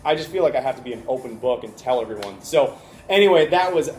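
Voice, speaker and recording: A man in his twenties telling a story in a casual vlog, animated and full of fillers like "like" and "you know". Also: medium pitch, fast talker, soft background music. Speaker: vlogger. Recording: echoey room, faint ambient noise.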